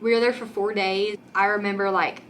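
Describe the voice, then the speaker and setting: A woman's voice: medium pitch, flat delivery, a little fast, fairly bright tone, slight background noise. A young woman vlogger talking candidly to the camera in a casual, chatty way, full of "like" and "um", close to tears at times. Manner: candid and chatty, many fillers like "like" and "um".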